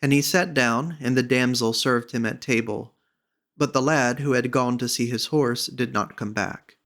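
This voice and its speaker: Measured male audiobook narrator. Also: mid-range voice, fairly bright tone. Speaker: audiobook reader. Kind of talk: storybook narration.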